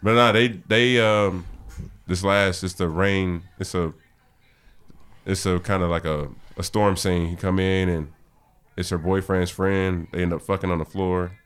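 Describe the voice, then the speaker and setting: Man, lowish voice, podcast guest, laughing storyteller, loose profane talk. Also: fairly even intonation, measured pace, fairly bright tone, clean tone. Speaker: podcast guest, audio drama director. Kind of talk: casual podcast chat.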